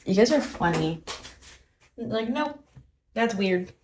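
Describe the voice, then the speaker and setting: Young woman streamer, casual and giggly, curses freely, mid-pitched, phone mic at home. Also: animated, takes it slowly, heavy background noise. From United States. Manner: giggly, chatty, swears freely. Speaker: livestreamer. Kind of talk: casual livestream chat.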